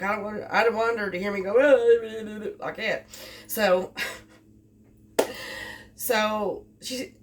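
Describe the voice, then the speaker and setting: A woman's voice: medium pitch, fairly bright tone. A woman telling a rambling story about her delivery job, repeating herself as she goes. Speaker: delivery driver. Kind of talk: casual storytelling vlog. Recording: distant mic with faint background noise.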